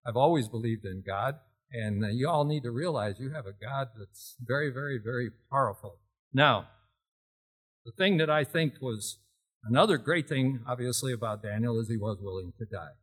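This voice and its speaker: A man's voice: medium pitch, moderate pace, husky. A middle-aged man preaching a storytelling sermon in a folksy way, quizzing his congregation as he goes. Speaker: pastor.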